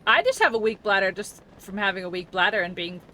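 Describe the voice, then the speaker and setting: A woman's voice: mid-range voice, sing-song, fast talker, bright, forceful tone, slight background noise. A woman in her thirties chatting casually while streaming a game, rambling, laughing often and saying "like" a lot. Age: 30s. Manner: giggly, rambling, heavy use of "like". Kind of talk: casual live-stream chat while gaming.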